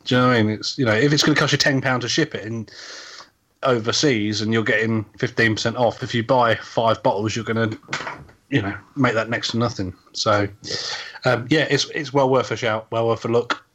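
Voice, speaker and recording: A man's voice: mid-range voice, fairly even intonation, fairly bright tone. Rambling man co-hosting a casual podcast. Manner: rambling, halting, many fillers and restarts. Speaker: podcast co-host.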